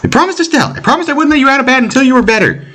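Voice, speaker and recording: A man doing a high, eager young girl. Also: animated, rapid-fire, pushed and bright, heavily acted. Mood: anxious. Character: young girl, cheerful and caring.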